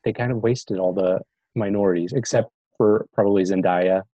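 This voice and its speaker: A man's voice: on the low side, fairly even intonation, normal speed, dark tone, no echo. A man co-hosting a casual movie review chat, easygoing and hesitant, often trailing off. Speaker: podcast co-host. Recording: dull dry lo-fi sound.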